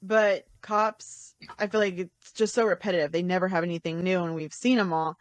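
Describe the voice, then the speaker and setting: Woman, low voice, chatty, laughs often, casual podcast, dry sound. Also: steady tone, normal speed, dry recording. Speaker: podcast co-host reviewing TV shows.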